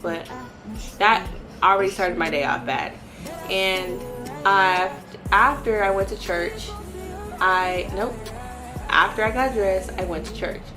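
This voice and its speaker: A woman in her early twenties giving an animated personal testimony and talking straight to her viewers. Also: mid-range voice, slow pace, pauses often, music in the background. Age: early 20s. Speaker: vlogger sharing a faith testimony.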